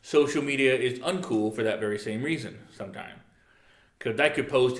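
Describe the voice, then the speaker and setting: Chatty pastor in an echoey room. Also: male voice, medium pitch, moderate pace. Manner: chatty, joking asides, reads from notes. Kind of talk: casual Bible teaching. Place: church.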